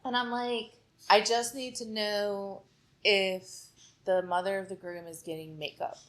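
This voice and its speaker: Unhurried and mid-range in voice, with fairly even intonation, a woman hairstylist chats as a podcast guest. Her story includes acted-out dialogue and frequent use of "like."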